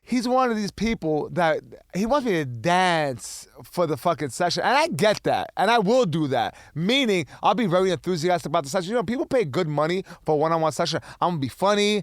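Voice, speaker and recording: A man who works as a personal trainer, co-hosting a casual podcast and telling stories with animated voices for his clients. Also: high voice, brisk, hardly any pauses, no room sound, clean studio sound. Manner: animated storyteller, imitates clients.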